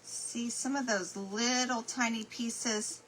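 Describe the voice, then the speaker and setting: A woman's voice: fairly high pitch, fairly even intonation, slow pace, fairly bright tone, slight background noise, low-quality recording. A woman hosting a live craft stream, chatting casually and apologizing as she gets flustered. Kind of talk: casual craft livestream chat.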